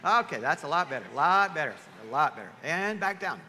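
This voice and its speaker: A man preaching a sermon to his church, animated, often acting out the voices of the people he quotes. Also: fairly high pitch, a little fast. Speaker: pastor. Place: church sanctuary. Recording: reverberant hall, faint ambience.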